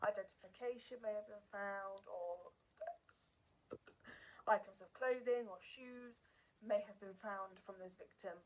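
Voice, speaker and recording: A woman's voice: mid-range voice, rough recording. A woman hosting a true crime channel, telling the story in a casual, unscripted way. She is earnest and emotional and repeats words for emphasis.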